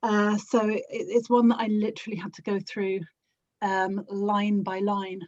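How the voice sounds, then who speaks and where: A woman who acts in audio dramas chats as a guest on an interview show. She often laughs at herself as she talks, in a voice that sits in a middling pitch. The audio sounds a little dull and muffled. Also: level tone, measured pace, darkish tone, dry recording. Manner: self-deprecating, laughs often while talking. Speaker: audio drama actor and producer, podcast guest. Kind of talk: casual interview chat.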